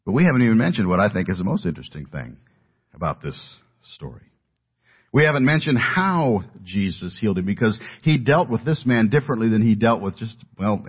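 A pastor preaching an expository sermon in a husky, mid-pitched man's voice. He talks earnestly and lifts his voice on questions. The recording is dull and lo-fi. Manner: earnest, rising with emphasis on questions.

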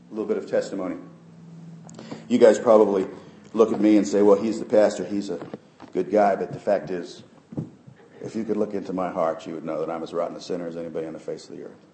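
Middle-aged male pastor, sermon with testimony, quiet asides to loud peaks, echoey church room. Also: steady tone, quick pace, pauses often, slight background noise. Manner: swings from soft, low asides to loud, high preaching peaks. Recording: roomy church sound.

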